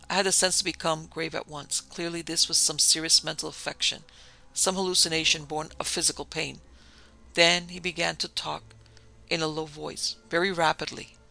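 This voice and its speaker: A man narrating a classic story as an audiobook, measured and even. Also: on the high side, gravelly, low-quality recording.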